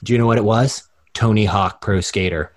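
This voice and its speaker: A man's voice: on the low side, a little fast. A young man co-hosting a podcast, chatting playfully and mock-lecturing his co-hosts, acting out quotes. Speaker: podcast co-host. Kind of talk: casual chat.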